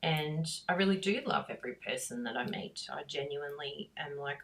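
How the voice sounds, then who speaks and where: A middle-aged woman with a low voice talks through a craft class. Her chat is relaxed and rambling, with warm asides and easy laughter. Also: normal speed, creaky, recorded from a distance. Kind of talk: chatty talk while crafting.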